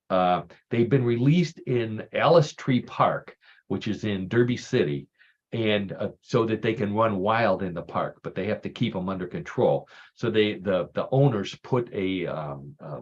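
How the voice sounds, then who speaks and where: A man's voice: fairly low pitch, muffled recording. A man hosting a casual radio talk show, telling stories with groan-worthy puns.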